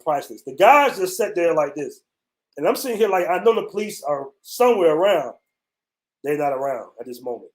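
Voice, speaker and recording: A man from the United States tells his viewers a story in a casual, slangy way, dropping "man" and "bro" all through it. His voice sits a little higher than most men's. He talks outdoors on a city street. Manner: loose, animated retelling with slang and repeated "man" and "bro". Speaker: travel channel host.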